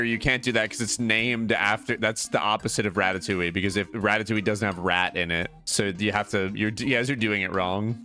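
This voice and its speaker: A man's voice: fairly low pitch, bright, forceful tone. A man in his twenties, tired from little sleep, chatting with his stream viewers in a rambling, sarcastic way. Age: 20s. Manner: rambling, sarcastic banter, reads chat aloud. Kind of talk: casual livestream chat with viewers.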